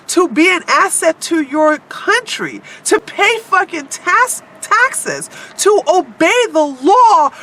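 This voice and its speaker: An American woman vlogger speaks straight to her viewers in a monologue, blunt, emphatic and heavily profane. Her high voice is very animated and bright, with a little hiss or hum underneath.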